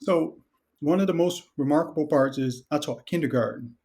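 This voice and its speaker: A middle-aged man from Detroit, a guest author and educator, talking casually in an interview with a relaxed, joking, reflective manner. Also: fairly high pitch, moderate pace. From Detroit, Michigan.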